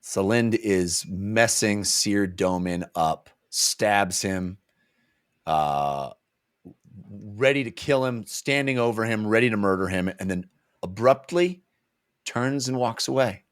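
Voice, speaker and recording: A man's voice: lowish voice, takes it slowly. A man co-hosting a podcast, animatedly recapping chapters in a casual book club chat. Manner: animated recapping, acting out lines. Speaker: podcast co-host.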